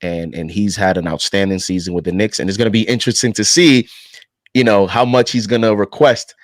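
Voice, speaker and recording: A man on a sports panel, talking in a casual, measured way and often saying "you know.". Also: on the low side, steady tone, no echo. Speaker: podcast panelist.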